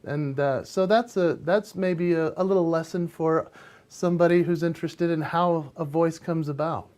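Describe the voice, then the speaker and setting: A man's voice: on the high side, moderate pace. A male impressionist as an interview guest, telling stories animatedly in a casual chat. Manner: animated storyteller, bursts into sung bits.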